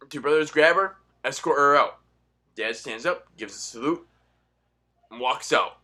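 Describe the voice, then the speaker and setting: A young man ranting in a profane, sarcastic monologue, swinging between loud outbursts and muttered asides. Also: medium pitch, measured pace, pauses often. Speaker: political commentary vlogger.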